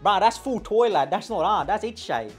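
A woman's voice: medium pitch, animated, normal speed, husky, faint music behind. A woman playing a rowdy male eshay schoolteacher in a comedy sketch, with an Australian accent, brash and slangy, tacking "bruh" and "lad" onto her lines. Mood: cocky.

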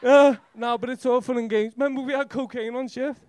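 High-voiced nervous Scouse comic. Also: male voice, fairly even intonation, brisk, darkish tone, clean tone. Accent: Liverpool Scouse. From Liverpool, England. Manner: nervous, rambling, heavy swearing. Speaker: stand-up comedian. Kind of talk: rambling live stand-up set. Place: comedy club stage.

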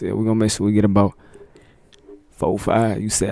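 Man, reaction host, slangy and relaxed, lowish voice, laughs a lot. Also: brisk, creaky, no room sound. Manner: slangy, laid-back, laughs often. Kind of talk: casual reaction commentary.

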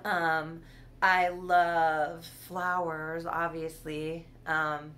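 A woman's voice: low-pitched, level tone, drawn-out words, fairly bright tone, slight background noise. A woman chatting casually on her own vlog, rambling and giggling as she goes. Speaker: doll collector hosting her channel.

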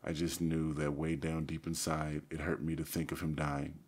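Deep-voiced man reading an audiobook. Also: level tone, moderate pace, a little mellow, husky. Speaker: audiobook narrator. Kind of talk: audiobook reading, first-person narration.

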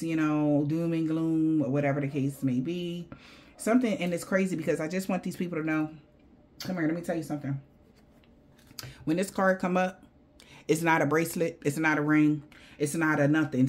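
A woman with a somewhat low voice reads tarot cards for her viewers in a loose, slangy way. She is blunt and swears freely. Her talk is lively and full of asides. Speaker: tarot card reader. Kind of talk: casual spiritual tarot reading to viewers.

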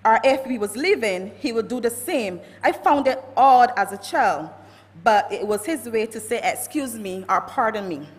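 A Barbadian woman reads a eulogy at a church funeral, recounting stories of her uncle from her notes. Her voice sits fairly high, and long reverb from the church hangs around every word. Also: expressive, moderate pace. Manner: reads from notes, warm storytelling with quoted anecdotes. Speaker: family member giving a eulogy. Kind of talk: reading a eulogy at a funeral service.

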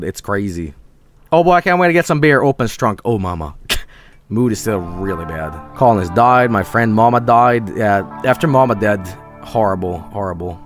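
A young man streaming a game, swearing and sarcastic, swinging between yelling and low mumbles.

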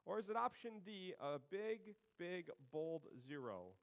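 A man's voice: high-pitched, big pitch swings, a little slow, poor audio. A male pastor preaching a sermon in a conversational, humorous way, with sarcastic asides.

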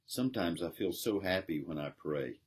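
A man's voice: low voice, expressive, normal speed, slightly rough. A man voicing a sad, earnest little chimney-sweep boy in a read-aloud story. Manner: earnest, tearful.

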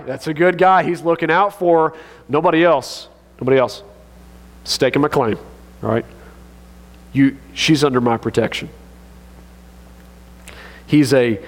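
Joking pastor in an echoing hall. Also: male voice, mid-range voice. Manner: animated, joking, conversational. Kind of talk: sermon. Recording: long reverb of a church hall.

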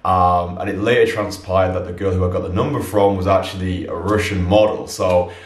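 A man's voice: deep voice, steady tone, brisk, reverberant. A man hosting a dating-advice vlog in a brash, slangy way. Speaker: YouTube pickup coach. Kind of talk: casual vlog intro.

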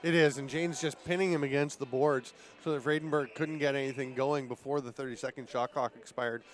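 A man doing color commentary, calmly breaking down plays and players. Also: mid-range voice, fairly quick. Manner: relaxed analytical color commentary. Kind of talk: sports commentary.

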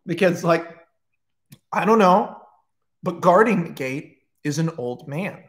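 A man pitching a movie plot casually on a livestream, excitable and profane, racing through in bursts with restarts. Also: slow, long pauses.

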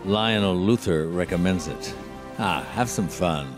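A man putting on a slow, theatrical older man's voice with a sly drawl for a show outro. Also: deep voice, over music, voice pushed down.

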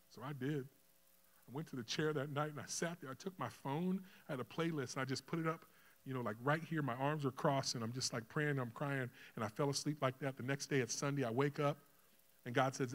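A middle-aged man preaching a sermon, telling a personal story with acted-out dialogue, dropping to a hush and rising loud. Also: a little high, fast talker. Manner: emotional storytelling, acts out dialogue, swings from hushed to loud. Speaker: pastor. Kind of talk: sermon testimony.

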